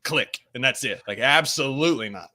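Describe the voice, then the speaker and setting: A man's voice: medium pitch, lively intonation, fairly quick, sharp tone. A man co-hosting a casual sports podcast, emphatic and opinionated in his takes. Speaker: podcast co-host.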